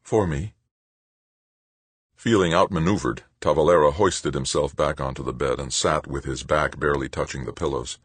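A man narrating an audiobook with expressive storytelling. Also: very deep voice, brisk, hardly any pauses, slightly rough, no room sound. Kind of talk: scripted narration.

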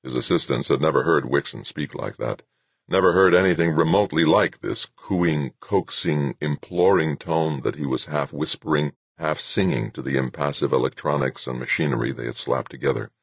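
A man narrating an audiobook in a measured storytelling manner. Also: very deep voice, vocal fry, husky, no echo.

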